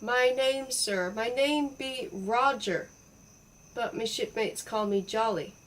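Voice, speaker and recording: A woman's voice: on the high side, slow, recorded from a distance, slight background noise, poor audio. A woman voicing Jolly, a toothless old sailor who talks in a pirate-story drawl. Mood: gruff.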